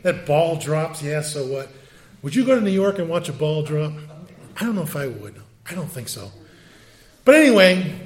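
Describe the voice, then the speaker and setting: An older man with a high voice gives a sermon in a loose, conversational way. He keeps tossing rhetorical questions and quick asides to his listeners. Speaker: pastor.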